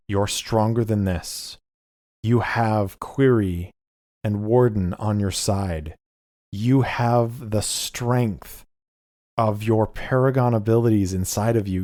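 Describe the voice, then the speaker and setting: Frantic young man, put on by a man, gasping pleas, high strained pitch, dry sound. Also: a little mellow, breathy edge, no echo, exaggerated voice. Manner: gasping, breathless pleading.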